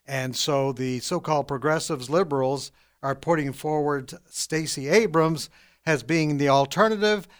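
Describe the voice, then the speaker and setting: A man from Canada co-hosting a radio talk show in a studio, running through news items briskly with wry asides. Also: fairly high pitch, clear, resonant tone. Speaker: radio co-host reading news.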